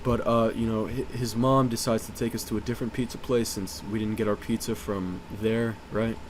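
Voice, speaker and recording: A man's voice: lowish voice, flat delivery, moderate pace, background noise. Rambling, swearing storytime guy. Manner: rambling, profane, lots of "uh" and "you know". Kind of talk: casual storytime monologue.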